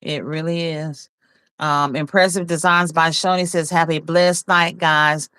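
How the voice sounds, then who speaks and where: A woman's voice: deep voice, fairly even intonation, unhurried, bright, forceful tone, smooth, no room sound. A woman hosting a casual livestream, reading viewers' comments aloud, teasing them and laughing often. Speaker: livestream host.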